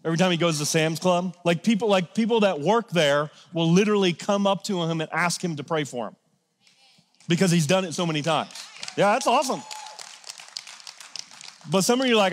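High-voiced energetic male preacher. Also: brisk, long pauses, long reverb tail. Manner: energetic, conversational preaching with sudden loud peaks. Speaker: pastor. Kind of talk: sermon. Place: church sanctuary.

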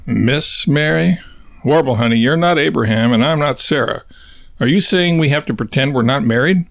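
A man's voice: medium pitch, normal speed, creaky, fairly bright tone, no echo. A man reading an audiobook, voicing an exasperated, sensible wife with dry retorts, in a dry recording.

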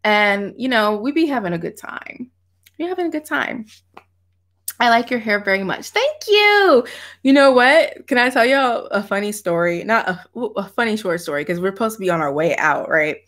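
A woman's voice: medium pitch, brisk, few pauses, a bit bright. A woman, chatting animatedly with viewers on a livestream from her home office and laughing often. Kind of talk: casual livestream chat.

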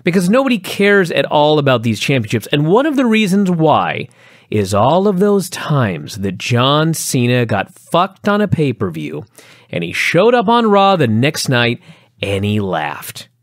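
A man's voice: measured pace, no echo, clean studio sound. A man co-hosting a wrestling review podcast, ranting animatedly in casual chat. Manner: animated ranting with sweeping pitch swings. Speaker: podcast co-host.

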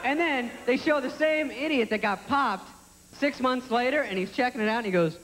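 A man's voice: moderate pace, a crowd in the background. A young man in his twenties doing a stand-up comedy set, sarcastic and self-deprecating. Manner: sarcastic, self-deprecating, jumps into high squeaky voices for characters. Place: theater stage before a live audience. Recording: live stage recording in a large hall with audience noise.

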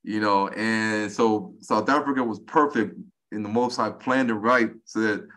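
A man's voice: fairly low pitch, unhurried. A man in his forties, a podcast guest chatting casually and acting out quoted speech as he tells stories. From United States. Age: 40s. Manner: animated storyteller, acts out quoted speech. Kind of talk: casual conversation.

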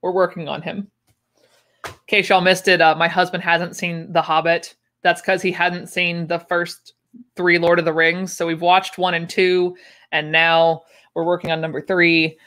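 A woman's voice: lowish voice, flat delivery, a little slow, fairly bright tone. A young woman chatting casually on a livestream, with wry asides and easy laughs. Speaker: livestream host unboxing sewing patterns. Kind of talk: casual chat.

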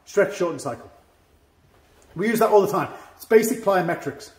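A man's voice: sits high, animated, normal speed, a little mellow. A man who is a karate instructor, explaining technique to his class in a chatty way with demonstrations and small self-mocking jokes. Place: training hall. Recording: echoey hall.

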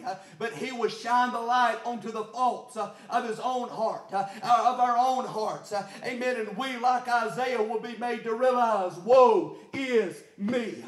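A male pastor preaching a sermon, peppering his lines with "uh" and "amen" and building to shouted climaxes. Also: high voice, roomy sound. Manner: frequent "uh" and "amen" fillers, rising to shouted climaxes.

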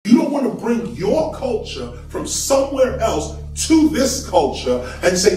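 Man lecturing, high voice, lively swoops in pitch, emphatic preaching, echoey hall, heard from afar, faint music behind. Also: moderate pace, hardly any pauses, far from the mic. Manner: animated, preaching, emphatic, chuckles between points. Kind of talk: public lecture to an audience.

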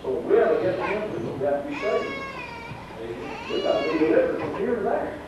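High-voiced texan preacher man, real fervent, muffled old church tape from way back, hissy. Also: big pitch swings, very echoey, far from the mic. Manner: fervent preaching, drawn-out emphatic lines with sudden rises. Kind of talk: sermon. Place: church sanctuary.

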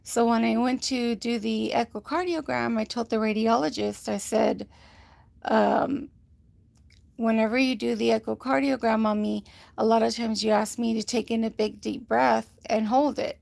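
A woman's voice: on the high side, steady tone, normal speed, creaky, darkish tone, no echo. A woman giving a rambling, casual health update to livestream viewers, often quoting others and using many fillers, a little short of breath. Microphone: phone.

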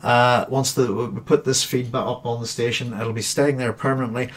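A man's voice: mid-range voice, flat delivery, moderate pace. A man with a Northern Irish accent hosting a live stream, chatting casually and reading viewer comments aloud. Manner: chatty, reads viewer comments aloud and hums between them. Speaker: host.

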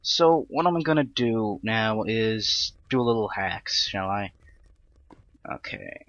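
A man's voice: lowish voice, slow pace, a bit bright, no room sound, muffled recording. A young man giving casual, rambling commentary on his own gameplay, self-deprecating and prone to sudden panicked outbursts. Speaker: Let's Play gamer.

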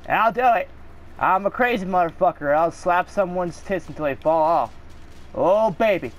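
Swearing and raging at the game, a gaming video creator gives live commentary in a high-sitting voice at normal speed.

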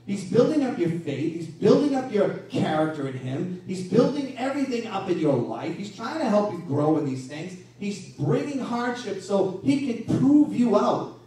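Male pastor, high voice, lively sermon delivery, distant mic in a very roomy hall. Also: normal speed. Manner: animated preaching with rhetorical questions. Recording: echoey room from a distance.

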